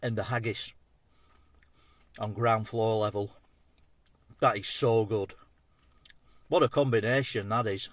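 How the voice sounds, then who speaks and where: A man's voice: lowish voice, fairly even intonation, slow, pauses often, dry recording. Chatty man reviewing food. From England. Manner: chatty, matey, talks between bites. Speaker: food vlogger. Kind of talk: casual food review vlog.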